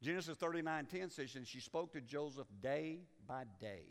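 A man preaching with a high, bright voice that carries through a long-reverb church hall. He teases his congregation in a folksy way and acts out quotes as he goes. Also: normal speed. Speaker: pastor. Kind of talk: sermon. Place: church sanctuary.

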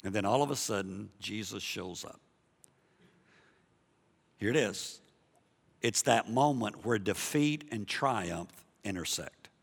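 A man preaching a sermon as a pastor, passionate, dropping to a hush and then building loud again, often repeating himself. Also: on the low side, animated, takes it slowly, gravelly, long pauses, husky, in a large hall. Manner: impassioned, swings between hushed and loud, repeats himself.

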